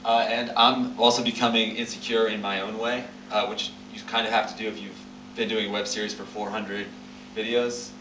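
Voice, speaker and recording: A young man giving a casual lecture on making web videos, talking loosely with many pauses and uh's. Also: fairly low pitch, level tone, bright, forceful tone. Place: lecture hall. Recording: roomy, distant, noisy hall audio.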